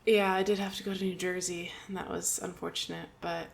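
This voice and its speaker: A woman's voice: fairly low pitch, level tone, brisk, vocal fry. A woman co-hosting a podcast, chatting casually, laughing often and saying like a lot. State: talking with mouth full. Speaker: podcast co-host.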